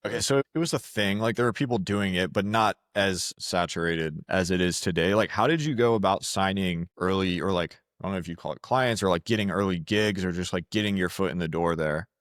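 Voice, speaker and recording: Low-voiced casual male podcast host. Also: brisk, hardly any pauses, dry recording, studio quality. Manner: relaxed, hypes up his guest.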